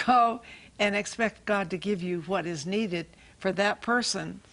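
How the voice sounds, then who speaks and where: A woman's voice: medium pitch, a little slow, fairly bright tone. A woman hosting a Christian talk show, earnestly urging viewers to pray and read.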